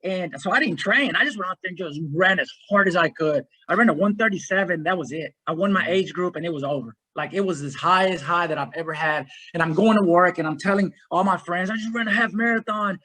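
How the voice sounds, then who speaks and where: A man in his forties, an ultrarunner guest, telling his story in a rambling, energetic way. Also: high-pitched, brisk, hardly any pauses, poor audio. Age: 40s. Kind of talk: casual interview conversation.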